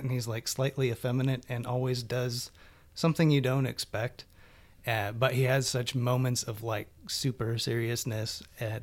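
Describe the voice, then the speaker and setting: A man chatting casually about TV shows he has been watching, loose and rambling with lots of fillers. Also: medium pitch.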